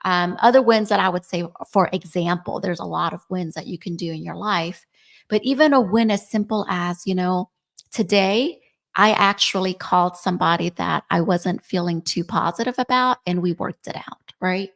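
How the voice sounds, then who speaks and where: Gravelly-voiced woman in her forties. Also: fairly low pitch, moderate pace. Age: 40s. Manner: chatty, often ends points with "right?". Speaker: podcast co-host. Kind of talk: casual podcast chat.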